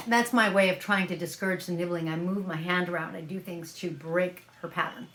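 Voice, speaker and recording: A woman's voice: fairly low pitch, fairly even intonation, brisk, background noise. A woman vlogging casually about keeping parrots, chatty and thinking aloud, handling a bird at home. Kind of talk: casual explainer vlog. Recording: echoey room.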